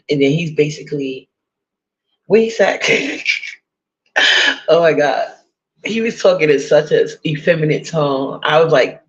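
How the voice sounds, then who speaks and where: A woman's voice: deep voice, dull audio. A woman chatting casually to her viewers, blunt, profane and gossipy with laughing asides. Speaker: vlogger.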